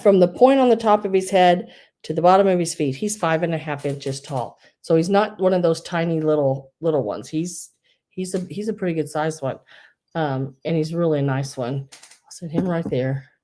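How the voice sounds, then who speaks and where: A woman's voice: sits low, normal speed, warm tone. Chatty woman running a live online sale. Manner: chatty, gushing, reads out bids. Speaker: live online auction seller. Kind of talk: live-stream sale chat.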